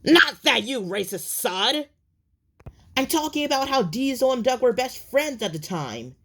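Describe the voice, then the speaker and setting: A woman voicing an eager, scheming young male tank engine in a fan cartoon, with excitable shrieky cries. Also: high-pitched, unhurried, heavily acted.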